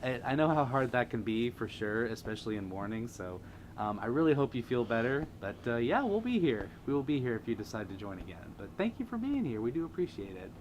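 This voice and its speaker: A man's voice: medium pitch, lively intonation, fairly quick, slight background noise. A man hosting a casual livestream, reading viewer comments aloud and laughing often. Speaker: livestream host.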